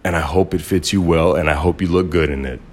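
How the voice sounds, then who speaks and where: A man's voice: deep voice, fast talker, slight background noise. A man hosting his own podcast, talking in a blunt, casual monologue with some swearing. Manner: blunt, swears, animated when quoting others. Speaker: podcast host. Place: Los Angeles.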